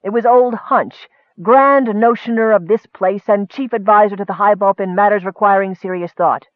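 A man narrating a comic fantasy story in a lively storytelling manner. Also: high voice, normal speed, no echo, narrow, tinny audio. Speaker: audiobook narrator. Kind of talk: scripted narration.

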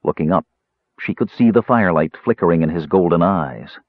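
Lively, husky male audiobook narrator. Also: low-pitched, dry recording. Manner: measured, expressive storytelling. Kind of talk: scripted fantasy narration. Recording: dull lo-fi dry recording.

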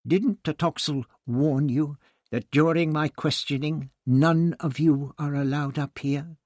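A man's voice: on the high side, steady tone, unhurried, a little mellow, no echo, studio quality, pitched above the performer's own voice, lightly acted. A man voicing an earnest, urgent young woman. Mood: impatient. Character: young adult woman teacher, earnest, self-doubting.

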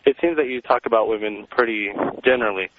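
A man's voice: fairly low pitch, quick pace. A man calling in to a radio talk show, asking hesitant, stammering questions. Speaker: caller. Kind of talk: phone-in call to a radio show. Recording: tinny phone line with noise.

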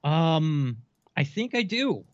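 A man co-hosting a casual podcast, answering in short, reactive bursts. His voice moves with a lively lilt, heard through dull, lo-fi audio. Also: on the high side, unhurried, no echo. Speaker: podcast co-host. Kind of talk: casual chat. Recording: dull lo-fi sound.

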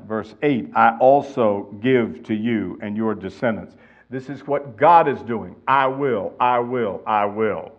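A man's voice: mid-range voice, lo-fi sound. A male pastor teaching verse by verse, reading passages aloud with emphasis and then explaining them. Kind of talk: expository Bible teaching.

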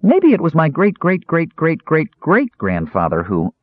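A man doing an excitable little kender, high and bouncy, thin tinny audio. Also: measured pace, no room sound, heavily acted. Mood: rambling. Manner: eager, bubbly, rambling. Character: cheerful chatty small kender man.

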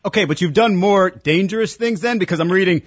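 A male radio panelist asking quick, curious questions. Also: sits high, dry recording, highs cut off. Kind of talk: sports talk radio.

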